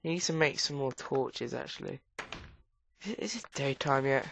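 A woman with a cold gives rambling casual commentary while playing a game, breaking into sudden high squeals. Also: expressive, moderate pace, creaky, slight background noise. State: has a cold. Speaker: gamer. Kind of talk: casual let's play commentary. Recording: dull lo-fi recording.

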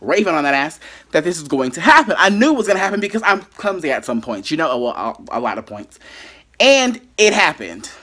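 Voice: medium pitch, very animated, a little fast, sharp tone. A YouTuber telling a dramatic story from their bedroom, with lots of asides to the viewers. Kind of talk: storytime vlog.

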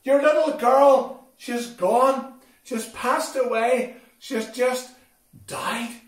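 A man playing a frantic messenger in a Bible story, shouting urgent bad news. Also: extremely high pitch, extremely slow, voice pushed up, exaggerated voice. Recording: echoey hall from far off.

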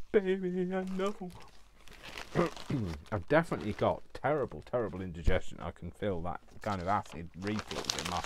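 Deep-voiced man chatting while crafting. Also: a little hiss or hum. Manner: rambling, self-deprecating asides. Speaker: craft vlogger. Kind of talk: casual chat while crafting.

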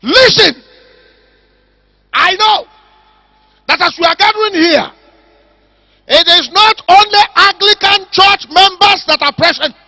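High-pitched, shouting preacher man. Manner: shouting, emphatic, drawn-out repetitions. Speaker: pastor. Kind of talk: fiery preaching sermon. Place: church service.

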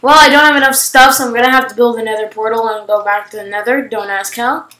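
A woman hosting casual gameplay commentary, excitable, shrieking and gasping at surprises. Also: on the high side, quick pace, roomy sound, low-quality recording. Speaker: gaming channel host.

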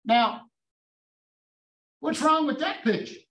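A man's voice: very high-pitched, slow, a bit bright. A man on a parole board questions a parolee sternly and pointedly. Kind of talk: hearing interrogation. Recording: echoey room, speaker far from mic.

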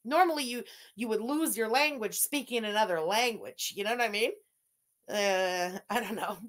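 A woman's voice: mid-range voice, normal speed, fairly bright tone. A woman with a Montreal English accent doing blunt, mocking reaction commentary.

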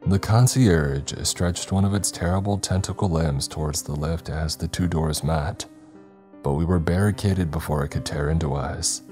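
A man narrating a first-person horror story in a measured, ominous way. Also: a bass voice, mellow. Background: faint background music.

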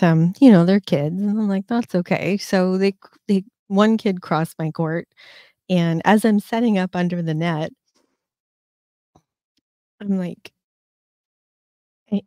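A woman's voice: medium pitch, a little slow, warm tone, no echo. A woman in her fifties hosting a casual live chat, telling rambling stories in a frank, self-mocking way. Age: 50s. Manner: rambling storyteller, frank, swears, laughs at herself. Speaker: host.

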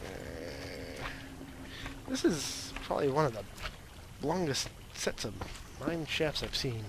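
A man's voice: medium pitch, big pitch swings, slow pace, gravelly, pauses often, slight background noise. A man hosting a gaming video, chatting casually and goofily as he plays, with rambling jokey asides. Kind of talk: casual gameplay commentary.

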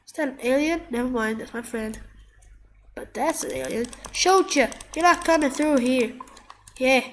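High, sick-sounding excitable gamer woman. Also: normal speed, a little hiss or hum. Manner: excitable, yelps and trash talk at the screen. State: sick, coughing. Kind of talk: live gameplay commentary.

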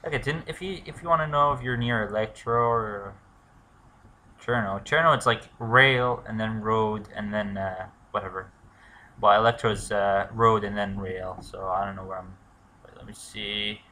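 A man giving let's play commentary, muttering to himself and swearing, breaking into shouts when things go wrong. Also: on the low side, normal speed. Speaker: gamer.

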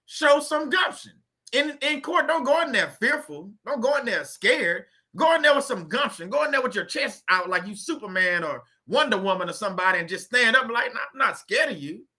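A man hosts a casual motivational talk rooted in faith. His voice sits high and rings very bright and sharp. He preaches in loose, everyday speech and repeats phrases to drive his points home. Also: lively intonation, moderate pace. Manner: preachy and repetitive, colloquial. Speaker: host.

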